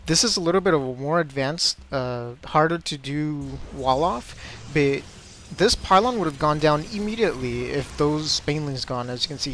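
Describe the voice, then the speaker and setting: A young man commentating his own game replay as a tutorial, excitable and quick to get flustered in the fights. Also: medium pitch, slight background noise.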